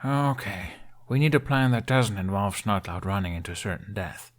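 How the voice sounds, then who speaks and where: A man voicing an exasperated young Viking squire who shouts at his reckless friends. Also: fairly low pitch, fairly even intonation, normal speed, lightly acted.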